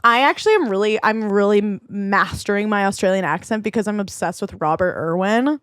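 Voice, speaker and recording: A woman's voice: mid-range voice, a little fast, clear, resonant tone, no echo, clean studio sound. A young woman co-hosting a podcast in casual, bubbly chat, often acting out what other people said. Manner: bubbly, animated, puts on voices for quoted people. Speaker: podcast co-host.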